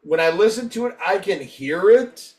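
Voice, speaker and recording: A man's voice: high voice, lively intonation, moderate pace. A man co-hosting a casual album review, rambling and swearing freely, acting out quotes from band members. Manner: profane, rambling, acts out quotes. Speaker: podcast co-host.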